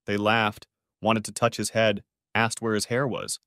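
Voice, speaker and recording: A man narrating a dramatic audiobook story in an expressive voice, close to the microphone. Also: fairly low pitch, measured pace, dry recording.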